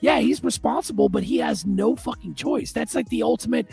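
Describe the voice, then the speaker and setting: A man co-hosting a casual chat, excitable and animated, swearing freely. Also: high voice, fairly quick, gravelly, soft background music. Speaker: podcast co-host.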